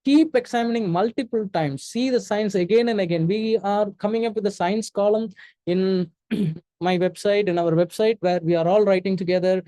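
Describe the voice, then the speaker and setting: A man's voice: high-pitched, normal speed, mellow, dry recording. A man giving a spoken lecture as a medical exam tutor, emphatic and direct, often checking in with his listeners and repeating key warnings. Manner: emphatic, direct, checks in with "okay?" and "all right?".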